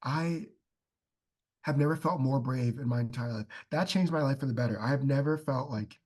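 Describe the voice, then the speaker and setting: Podcast guest, male, husky voice, mid pitch, earnest storyteller, chatty fillers. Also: normal speed, darkish tone. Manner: heartfelt storytelling, many fillers like "like". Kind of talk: casual podcast chat.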